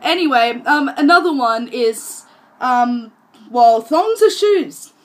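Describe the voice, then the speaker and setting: A woman's voice: high voice, animated, takes it slowly. A young woman from Australia with an Australian accent, chatting casually to camera in a rambling, self-amused way. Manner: chatty and rambling, laughs at herself. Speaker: vlogger.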